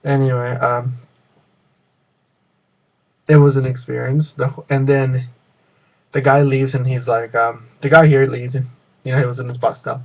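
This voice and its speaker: A man's voice: medium pitch, flat delivery, normal speed, long pauses, muffled recording. A man telling a rambling story in a casual vlog, full of fillers and restarts. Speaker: vlogger.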